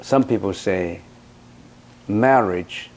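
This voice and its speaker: A man's voice: low voice, slow pace, darkish tone. A man teaching as a Buddhist monk in a dharma talk. He is blunt and emphatic, and he keeps putting rhetorical questions to the listener.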